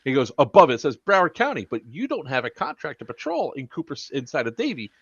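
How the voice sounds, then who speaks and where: A man's voice: mid-range voice, huge pitch swings, quick pace, breathy edge, dry recording, dull audio. A man hosting a podcast, telling a story in casual chat, profane and laughing as he goes. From Florida. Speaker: podcast host.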